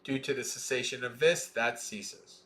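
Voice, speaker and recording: A man reading a Buddhist scripture aloud in a slow, measured way, with plain explaining asides between passages. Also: medium pitch, steady tone, fairly bright tone. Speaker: Dhamma reader.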